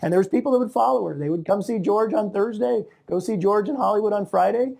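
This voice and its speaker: A man in his fifties, interviewed as an art magazine publisher, reminiscing in a casual, animated and profane way and slipping into other people's voices. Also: sits high, fast, gravelly.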